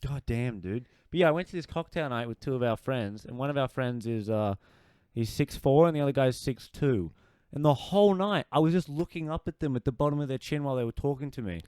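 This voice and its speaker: A young man from Australia trades laughs and stories on a podcast. His voice is clear and smooth, recorded close and dry, with a middling pitch. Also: a little fast, no room sound. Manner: laughs often, animated storytelling. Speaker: podcast co-host. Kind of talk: casual podcast banter.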